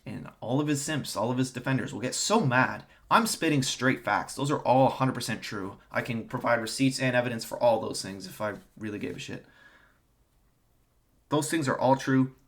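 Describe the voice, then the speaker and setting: A young man delivers an opinion monologue to his audience at a middle pitch. His manner is ranting and contemptuous, with a steady sarcastic bite. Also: moderate pace. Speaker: online commentator.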